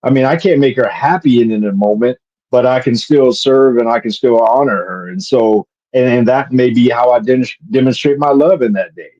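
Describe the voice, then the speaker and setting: Mellow-voiced man, dull lo-fi sound. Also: medium pitch, normal speed. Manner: thinks aloud with many restarts and fillers. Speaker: podcast co-host. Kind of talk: casual podcast chat.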